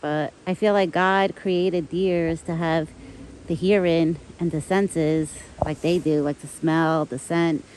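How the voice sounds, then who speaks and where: A young pregnant woman vlogging outdoors on a windy day, chatting casually with lots of "like" and a soft, affectionate way of talking. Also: low voice, fairly even intonation, takes it slowly, rough recording.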